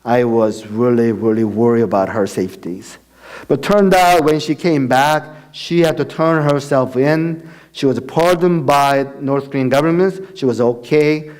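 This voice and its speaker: A man's voice: medium pitch, measured pace, a little mellow. Man telling a testimony in church. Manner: storytelling, acts out dialogue, laughs often. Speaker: missionary speaker. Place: church sanctuary.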